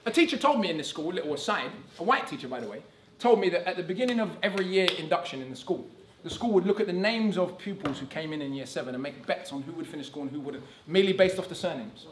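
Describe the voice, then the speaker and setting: Guy talking quick at a conference, highish bright voice, lots of "right?", echoey hall. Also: noisy background. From England. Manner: animated and conversational, tags lines with "right?". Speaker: conference speaker. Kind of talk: public talk.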